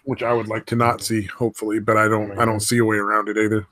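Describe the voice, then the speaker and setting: Blunt, halting man in casual talk, dry close sound. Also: lowish voice, level tone, fairly bright tone, no echo. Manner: blunt, hesitant with repeated words. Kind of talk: casual political chat.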